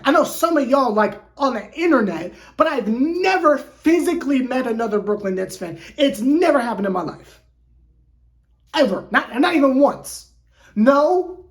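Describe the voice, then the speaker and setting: A woman hosting a sports fan channel, venting in an animated, exasperated way with lots of stumbling repeats. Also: a little high. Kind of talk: casual fan rant to camera.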